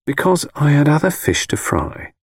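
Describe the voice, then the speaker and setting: A man's voice: fairly high pitch, very animated, moderate pace, breathy edge, dry recording, studio quality, voice pushed up, heavily acted. A man voicing an offhand, restless young man. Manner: offhand, slightly defensive. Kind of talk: audiobook character voice.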